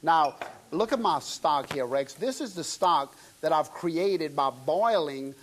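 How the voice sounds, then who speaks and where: A man's voice: on the high side, animated, slow, slight background noise. A middle-aged man with a South Louisiana accent, chatting folksily with the audience while demonstrating a recipe. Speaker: TV cooking show chef. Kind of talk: cooking demonstration.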